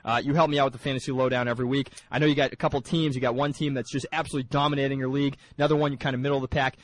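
A man's voice: mid-range voice, little pitch movement, racing, no room sound. A man hosting a casual sports radio show from a studio, upbeat, with many fillers. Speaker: radio host.

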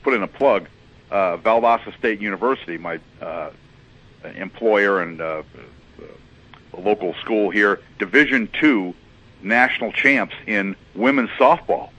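A man's voice: lowish voice, unhurried, fairly bright tone. A man calling in to a radio show, rambling with many fillers and hesitations. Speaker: phone-in caller. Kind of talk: casual call-in chat. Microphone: telephone. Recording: muffled lo-fi phone line.

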